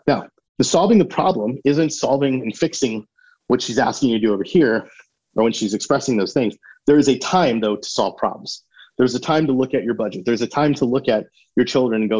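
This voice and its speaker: A man's voice: medium pitch, moderate pace, darkish tone, husky, dull audio. A man hosting a motivational podcast, talking directly and emphatically and firing questions at the listener. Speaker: podcast host, marriage coach.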